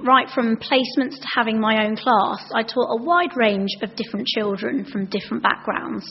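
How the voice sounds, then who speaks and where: A woman's voice: a little high, breathy edge, lo-fi sound. A young woman giving a chatty, anecdotal sermon as a preacher, acting out the voices she quotes.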